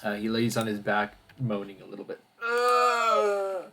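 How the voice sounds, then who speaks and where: A man narrating a tabletop game as dungeon master, relaxed and hesitant with fillers. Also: on the low side, quick pace, a crowd in the background.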